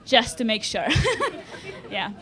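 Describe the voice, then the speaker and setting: Young woman comic from Lithuania, high voice, deadpan self-mockery, chuckling through her live club set. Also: takes it slowly, crowd noise. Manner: deadpan self-mocking delivery, laughing at her own jokes. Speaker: stand-up comedian. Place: comedy club stage.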